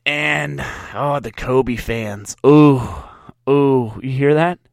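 A man's voice: mid-range voice, very slow, vocal fry, no echo, clean studio sound. A young man from Louisiana hosting a solo sports podcast, ranting in a sarcastic, mocking, riled-up way. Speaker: podcast host.

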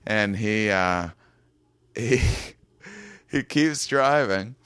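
A man's voice: lowish voice, expressive, very slow, fairly bright tone, smooth, no echo. A man telling a long story in casual chat, with lots of stammering restarts while he acts out what others said. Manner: rambling, stammering restarts, acts out quoted voices. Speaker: comedian guest. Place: small home room.

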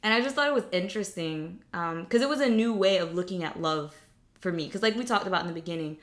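A woman's voice: lowish voice, fast talker. A young woman talking casually and reflectively about faith, with many fillers and restarts.

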